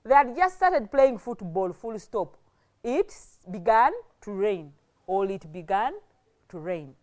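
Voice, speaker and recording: A woman's voice: medium pitch, lively intonation, a little slow, a little mellow. A woman with a Ugandan English accent teaching a classroom grammar lesson, explaining step by step and asking rhetorical questions.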